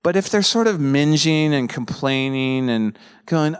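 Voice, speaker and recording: A guest actor at a convention panel jokes and chats with fans in a playful, talkative Q&A full of jokey asides. His fairly high voice is expressive, unhurried and smooth, with a long reverb tail.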